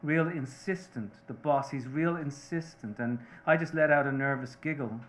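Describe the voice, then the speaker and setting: A man reading the part of a remorseful Irish-American mother, a seamstress, confessing earnestly and haltingly to her husband. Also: mid-range voice, fairly bright tone, natural voice.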